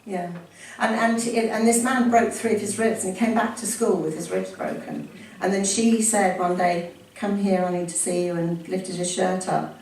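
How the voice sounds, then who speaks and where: A woman's voice: medium pitch, fairly even intonation, moderate pace, few pauses, a little mellow. Chatty woman reading aloud in an echoey room. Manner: chatty, with laughs and self-corrections. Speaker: reader sharing a family story. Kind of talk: casual chat and reading aloud from a book. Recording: echoey room from far off, faint ambience.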